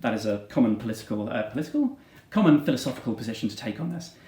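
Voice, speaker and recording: A man's voice: medium pitch, sing-song, rapid-fire, mellow, reverberant. A man teacher giving a dramatic reading of a classic novel, putting strong emphasis on the characters' lines.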